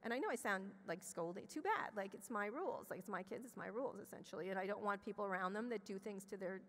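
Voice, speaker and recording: A middle-aged woman speaking as a conference guest, blunt and salty, tumbling over her own restarts as she tells a personal story. Her voice sits at an ordinary pitch for a woman, and it rings out with a long reverb through a big hall. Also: fairly bright tone. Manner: blunt and profane, with rapid restarts. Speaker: interview guest. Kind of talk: candid storytelling on stage. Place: tech conference stage.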